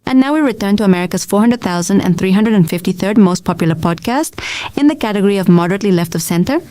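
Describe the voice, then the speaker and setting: A woman reads a mock show introduction in a brisk announcer style. Her voice is dark and mellow, and the words come very fast. The sound is dry, with no room echo. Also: mid-range voice, lively intonation.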